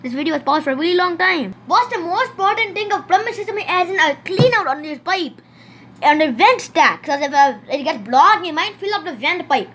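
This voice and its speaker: Canadian woman, very high voice, casual demo presenter, repetitive "see, like this" delivery, faint background hiss. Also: lively intonation, a little fast, fairly bright tone. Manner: points things out again and again with "see", loose phrasing. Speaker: home-made plumbing video presenter. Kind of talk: casual demonstration.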